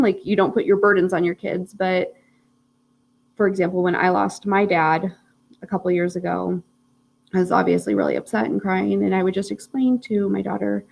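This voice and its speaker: Chatty woman with a gravelly edge. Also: mid-range voice, steady tone, moderate pace, low-quality recording. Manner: chatty, warm storytelling with frequent "like" fillers. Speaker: parenting class teacher. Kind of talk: casual live-streamed parenting lesson.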